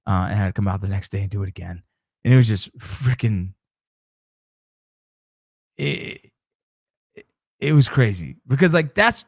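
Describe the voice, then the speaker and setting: A middle-aged man hosting his show, telling a story in a casual, animated way, swearing often and acting out his own reactions. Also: mid-range voice, dry recording, studio quality. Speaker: show host.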